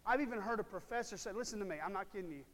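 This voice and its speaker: A man's voice: high-pitched, very fast, a bit bright. A man preaching a sermon in a church, emphatic and direct with the congregation, repeating words for stress. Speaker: pastor. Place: church sanctuary. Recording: long hall reverb.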